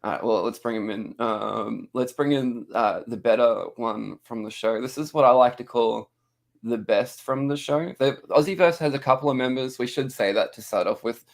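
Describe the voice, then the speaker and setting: A man's voice: medium pitch, moderate pace, gravelly. A man co-hosting a comics livestream, joking, teasing and swearing freely. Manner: laughing, profane, teasing. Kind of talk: crude joking livestream banter.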